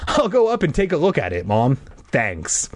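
A man's voice: fairly high pitch, huge pitch swings, moderate pace, dry recording. A man voicing a nervous, defensive young girl who stammers and hesitates. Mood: uneasy.

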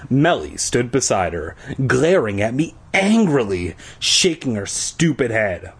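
Husky man doing a sarcastic reading. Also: mid-range voice, very animated, a little slow. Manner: sarcastic, crude. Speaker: reader. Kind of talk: comedic book reading with crude asides.

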